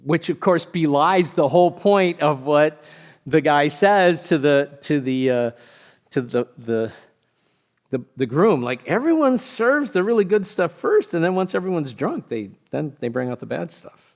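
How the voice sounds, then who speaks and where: A man, a pastor, giving a conversational sermon with casual asides and animated storytelling. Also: fairly high pitch, unhurried.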